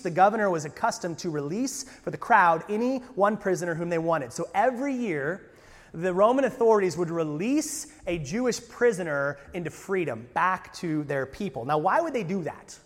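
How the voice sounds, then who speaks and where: A man preaching a sermon as pastor, lively and conversational, with jokes and asides to the congregation. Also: high-pitched, big-room sound.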